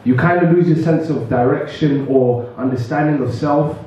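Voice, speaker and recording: A man performing spoken word poetry at an open mic, with a measured, rhythmic delivery and casual asides between pieces, recorded from far off in an echoey room. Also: fairly high pitch, mellow. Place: open mic event venue. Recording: echoey room, distant and muffled.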